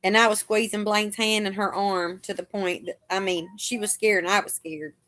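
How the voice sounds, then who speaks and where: A woman's voice: medium pitch, steady tone, moderate pace, a bit bright. Chatty woman telling stories. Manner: chatty storyteller, acts out the doctors' lines. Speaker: host of a live chat. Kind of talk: casual live chat.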